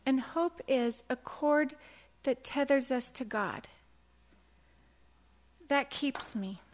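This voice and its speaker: A middle-aged woman teaching a devotional Bible talk, earnest and animated, telling stories and acting out quotes. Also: high-pitched. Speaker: women's Bible study teacher.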